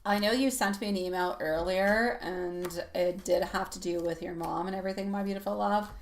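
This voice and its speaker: Gentle woman reading tarot live. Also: on the low side, fairly even intonation, moderate pace, a little hiss or hum. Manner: gentle, reassuring, addresses viewers as love. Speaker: tarot reader.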